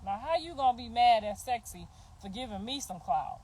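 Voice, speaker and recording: A woman's voice: fairly high pitch, lively intonation, moderate pace, darkish tone, low-quality recording. A middle-aged woman in a heated casual rant, profane and confrontational, laughing between her jabs as a mother defending herself. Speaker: mother ranting on a livestream.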